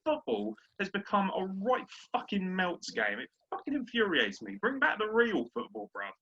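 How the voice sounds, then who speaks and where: A man's voice: sits high, huge pitch swings, moderate pace, bright, forceful tone, slightly rough. A young man, a podcast co-host in casual sports chat, brash, sweary and ranting. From Britain. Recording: dull lo-fi audio.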